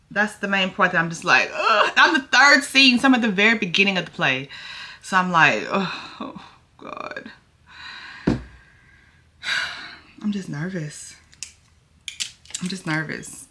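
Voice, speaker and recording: A vlogger in her thirties does a casual get-ready-with-me chat to camera, her medium-pitched voice pushed and bright. She sounds nervous and acts out both sides of a dialogue.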